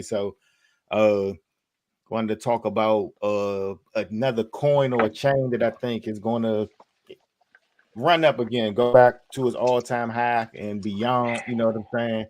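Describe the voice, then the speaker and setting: A man's voice: medium pitch, dry recording. Laid-back man with a dry, close sound. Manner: laid-back, halting, many fillers. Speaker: podcast co-host. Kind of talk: casual chat.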